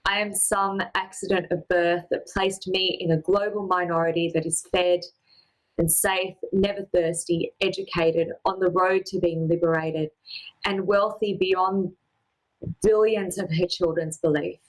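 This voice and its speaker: A woman performing a personal spoken-word story, with a measured, poetic and deliberate delivery. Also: fairly low pitch, fairly even intonation, low-quality recording.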